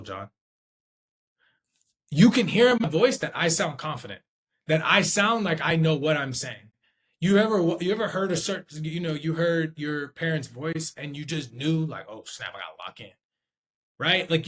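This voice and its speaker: A man with a voice pitched a little higher than most men, talking through sales skills in loose, unscripted instruction. He thinks aloud, restarts his sentences, and keeps checking in with the listener. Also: lively intonation, a little fast, a bit bright. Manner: conversational, checks in with "okay?" and "right?". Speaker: sales trainer.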